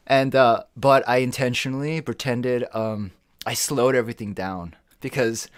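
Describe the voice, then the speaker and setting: A man co-hosting a casual podcast, telling a story in a lively, animated way, acting out what people said and swearing now and then. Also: mid-range voice, moderate pace, dry recording. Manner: animated, acts out quoted voices, swears. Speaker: podcast co-host.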